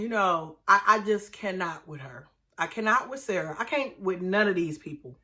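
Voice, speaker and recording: Bright-voiced woman, casual recap host, chatty and exclamatory, does quick impressions of the people she quotes. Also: mid-range voice, expressive.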